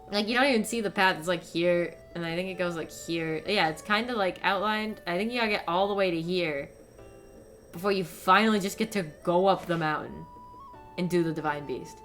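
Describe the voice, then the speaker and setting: A young woman streamer ranting in casual commentary, animated and profane, with lots of fillers. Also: mid-range voice, brisk, faint music behind.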